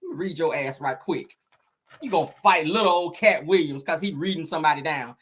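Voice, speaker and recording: A woman's voice: low voice, brisk, breathy edge. A woman hosting casual celebrity gossip on a livestream, sassy and slangy, teasing her viewers and calling them honey and child.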